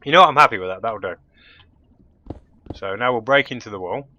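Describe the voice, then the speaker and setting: A man talks through his gameplay in a casual, thinking-aloud way, muttering and correcting himself as he goes. His voice is bright and forward, and the recording sounds a little dull and lo-fi, like a home desk mic. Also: mid-range voice, expressive, fairly quick. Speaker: let's play host.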